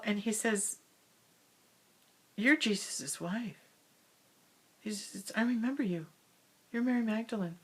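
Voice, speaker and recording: A woman with a somewhat low, gravelly voice shares a personal spiritual story. She speaks from the hall of her own house and drifts into soft whispers at times.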